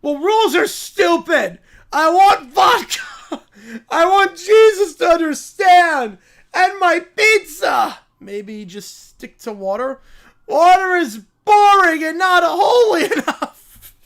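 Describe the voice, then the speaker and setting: Squeaky bratty little kid woman doing it, whiny, drags every word slowly. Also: vocal fry, a bit bright, exaggerated voice. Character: whiny four-year-old boy, pizza-loving, stubborn.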